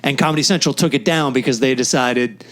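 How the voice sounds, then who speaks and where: A man's voice: mid-range voice, brisk, a bit bright. A middle-aged man, a comedian co-hosting a podcast, chatting casually, telling anecdotes and laughing at himself. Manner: laughs often, self-deprecating, tells anecdotes.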